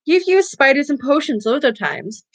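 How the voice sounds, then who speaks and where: A woman voicing a clever, curious teenage witch girl with a bright, brisk manner in a storybook reading. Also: sits high, very animated.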